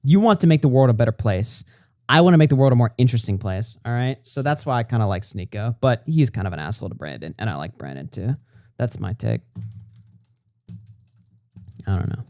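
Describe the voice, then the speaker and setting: Animated, swearing male podcast host. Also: medium pitch, a little fast, long pauses, dry recording, clean studio sound. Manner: animated, swearing, laughing often. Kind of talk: casual podcast chat.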